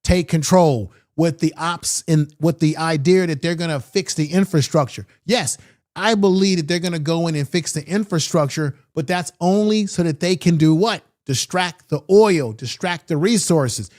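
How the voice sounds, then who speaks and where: A man's voice: on the high side, normal speed, a little mellow. A man giving opinionated political commentary with emphatic delivery and repeated rhetorical questions.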